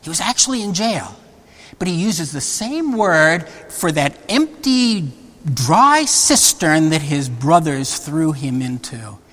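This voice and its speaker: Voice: medium pitch, lively intonation, slow, fairly bright tone. A preacher giving a sermon, often repeating words and restarting phrases. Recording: long hall reverb.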